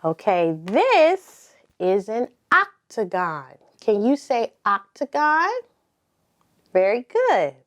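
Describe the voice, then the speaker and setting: A woman leading a toddler circle time lesson, prompting slowly and encouragingly with pauses for the children to repeat. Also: a little high, big pitch swings, fairly bright tone. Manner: slow, drawn-out prompting with call-and-response pauses; sing-song, encouraging. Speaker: preschool teacher.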